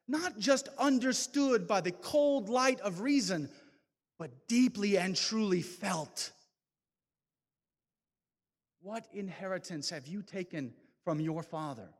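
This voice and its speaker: A man giving a fervent, preacher-style testimony talk that builds to loud exhortations. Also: high voice. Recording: long hall reverb.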